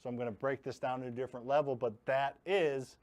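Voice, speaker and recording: Hosting a live web class on real estate investing, a man speaks quickly in a steady, slightly mellow medium-pitched voice. He jokes around, keeps things blunt, and leans hard on his key terms.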